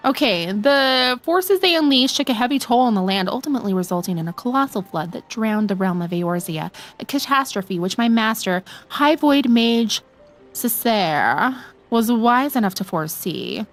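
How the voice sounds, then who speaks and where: A woman's voice: a little high, animated, moderate pace, faint music behind. A woman voicing a game character who narrates an ancient tale, reading the dialogue aloud in a plain way. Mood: storytelling.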